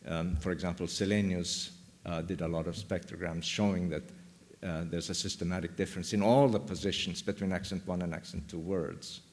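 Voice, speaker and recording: Man explaining his answer at a talk, kinda low voice, big hall echo. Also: fairly even intonation, brisk, darkish tone. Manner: explanatory, with frequent ums. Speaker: lecturer answering questions. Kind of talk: academic Q&A answer. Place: lecture hall.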